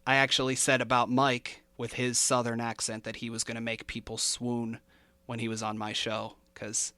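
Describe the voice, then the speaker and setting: A man's voice: medium pitch, completely flat delivery, normal speed, bright, forceful tone, clean tone, no room sound. A man hosting a podcast, chatting casually and working through his notes with fillers and easy laughter. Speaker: podcast host. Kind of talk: casual chat.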